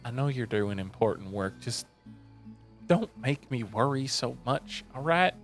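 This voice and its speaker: A man voicing a gentle but firm older mother in a tabletop game, speaking softly and tenderly. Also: lowish voice, sing-song, unhurried, soft background music.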